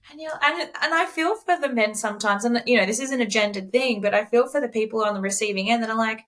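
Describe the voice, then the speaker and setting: A woman's voice: fairly high pitch, quick pace. A woman, a podcast guest who coaches teachers, telling stories frankly and acting out quotes. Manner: frank, animated storytelling, acts out quotes. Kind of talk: casual conversation.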